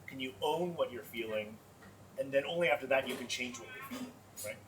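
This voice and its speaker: A man's voice: medium pitch, brisk. A man speaking as a panelist in a panel discussion, talking in an earnest, conversational way with lots of "like.". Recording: far-off mic with faint noise.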